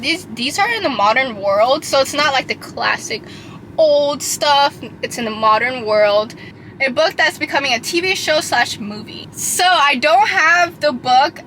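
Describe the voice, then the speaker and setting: A young woman chatting casually about books for her vlog, gushing and lively, with many fillers and restarts. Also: high-pitched, slight background noise, low-quality recording. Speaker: book vlogger. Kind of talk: casual chat.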